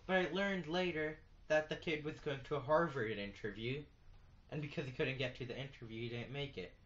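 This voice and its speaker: Teen boy, stand-up comic, deadpan and boastful, mid-pitched, muffled phone audio. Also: fairly quick. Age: late teens. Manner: boastful, deadpan, with slangy asides. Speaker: student comic. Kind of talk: stand-up comedy routine. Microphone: phone camera in the audience. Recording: lo-fi phone recording.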